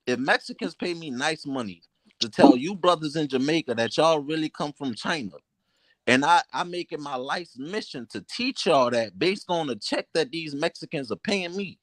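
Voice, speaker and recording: A man's voice: on the high side, lively intonation, normal speed, a bit bright, dry recording. A man co-hosting a casual online panel, pressing a guest with pointed questions. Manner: challenging, questioning. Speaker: panel co-host.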